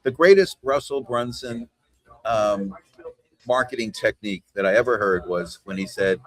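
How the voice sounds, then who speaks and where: A man's voice: fairly low pitch, normal speed, fairly bright tone. A man coaching a team over a video call. He talks in a casual, conversational way and keeps checking in with "right?" and "you know.". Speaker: trainer leading a team call.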